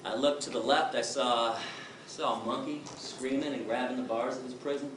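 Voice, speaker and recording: A man's voice: mid-range voice, fairly even intonation, moderate pace. Man preaching in an echoey hall. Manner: emphatic, preachy storytelling. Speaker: activist speaker. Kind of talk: impassioned public talk. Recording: distant echoey room with noise.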